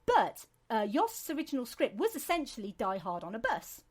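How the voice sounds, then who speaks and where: A woman's voice: fairly high pitch, wildly swooping pitch, moderate pace. A British woman hosting a podcast, chatting casually in a rambling way with many fillers and restarts. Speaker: podcast host. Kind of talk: casual chat.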